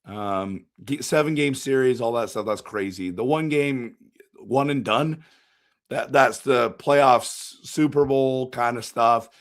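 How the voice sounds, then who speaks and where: A hockey fan hosts a casual post-game livestream, his middle-range voice hoarse, strained and clearly shot. He talks slowly and rambles, reads viewer comments out loud, and bursts into sudden excitement.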